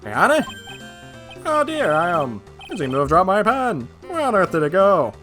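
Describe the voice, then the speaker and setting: A man doing a flustered old judge, high voice. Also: sing-song, moderate pace, a bit bright, soft background music. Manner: fussy, flustered. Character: timid elderly male judge, easily flustered. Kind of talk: fan voice-over of a game.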